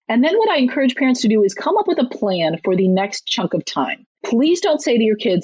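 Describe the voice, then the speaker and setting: Woman guest on a parenting podcast, husky voice, blunt and chatty, kinda muffled lo-fi audio. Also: medium pitch, very animated, darkish tone, no room sound. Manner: candid, brisk and down-to-earth, with frequent laughs. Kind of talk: conversational advice in a podcast interview.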